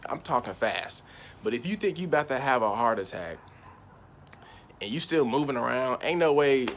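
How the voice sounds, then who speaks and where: A man's voice: mid-range voice, fairly bright tone. A young man tells a personal story in loose, slangy talk. His voice sits in a middle register. He rambles, restarts and keeps saying "I was like," with a faint hiss of noise under the recording. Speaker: channel host.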